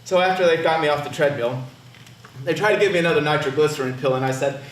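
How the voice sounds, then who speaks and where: A man's voice: fairly high pitch, fast talker. Guy telling his own story on stage, dry self-mocking jokes, picked up from far off, faint room hum. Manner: wry, self-mocking humor. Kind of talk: live personal storytelling performance. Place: theater stage. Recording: roomy, distant stage recording.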